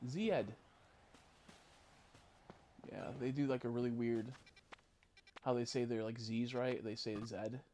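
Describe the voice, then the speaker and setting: A man streaming a video game, chatting casually and rambling, swearing often and reacting excitedly to what happens on screen. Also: medium pitch, a little hiss or hum. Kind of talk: casual live-stream commentary while playing.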